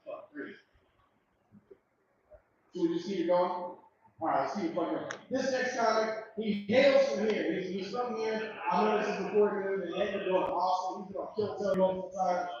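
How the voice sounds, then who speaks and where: Man, high voice, crude stand-up host, echoey club room, far from the mic, dull sound. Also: moderate pace, crowd noise. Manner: crude, animated, loud storytelling. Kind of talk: stand-up comedy set. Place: comedy club open mic.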